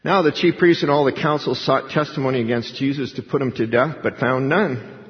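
A male pastor giving an animated sermon and acting out the voices of the people he quotes. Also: medium pitch, fairly quick. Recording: dull lo-fi recording with hall reverb.

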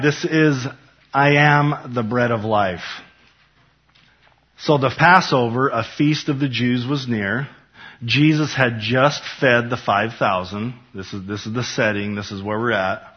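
Husky-voiced pastor teaching scripture. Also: male voice, medium pitch, a little slow, muffled recording. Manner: emphatic, rising for scripture quotes. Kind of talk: Bible study sermon.

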